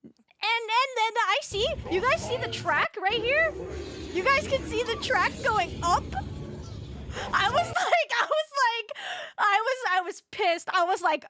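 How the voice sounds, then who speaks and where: A young woman streamer telling an animated story in casual chat, swearing freely. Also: extremely high pitch, unhurried. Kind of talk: casual chat while gaming.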